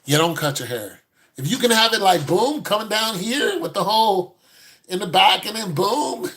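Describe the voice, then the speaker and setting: A man giving a casual, joking critique with animated, mock-preachy asides. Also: high voice, moderate pace. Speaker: dating and style commentator.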